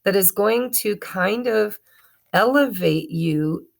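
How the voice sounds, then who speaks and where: A woman's voice: mid-range voice, expressive, slow, creaky. A woman giving a chatty tarot reading to her viewers, often stumbling and correcting herself as she goes. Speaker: tarot reader. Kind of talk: casual tarot reading to camera.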